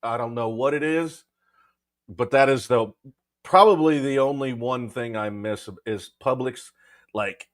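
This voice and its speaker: Man, mid-pitched voice, relaxed chatty co-host, casual sports talk. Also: a little slow.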